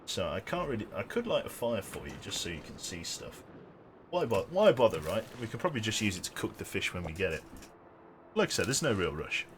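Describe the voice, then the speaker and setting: A man's voice: lowish voice, sing-song, fairly quick, a little hiss or hum. A man streaming a survival game, chatting casually in a rambling, sweary, self-amused way into a desk mic. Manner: rambling, sweary, joking to himself. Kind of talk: casual gameplay commentary.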